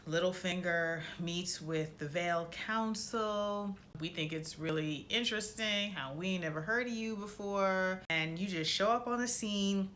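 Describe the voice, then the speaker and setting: Bright-voiced woman recapping a TV episode. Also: mid-range voice, measured pace, few pauses, slight background noise. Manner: animated retelling with slang and profanity; acts out characters' lines in changed voices. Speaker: reaction vlogger.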